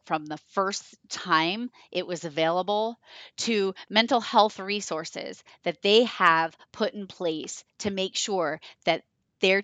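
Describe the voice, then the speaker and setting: Bright-voiced enthusiastic woman podcast host. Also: lowish voice, no room sound. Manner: enthusiastic, chatty storyteller. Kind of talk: podcast intro monologue.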